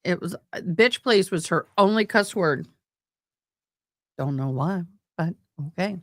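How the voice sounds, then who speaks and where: Woman host, chatty live commentary, low-ish voice with big swings, unhurried, dry close sound. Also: animated, no echo. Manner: chatty, bantering with viewers. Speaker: livestream host commenting on a trial.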